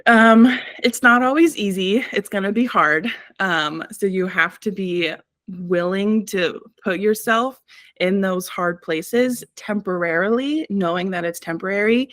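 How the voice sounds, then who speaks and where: A woman's voice: on the low side, a bit bright, no room sound. A woman wellness professional, a guest on an interview podcast, talking reflectively with many "um" fillers. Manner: reflective, frequent "um" fillers, laughs between points. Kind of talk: casual interview talk.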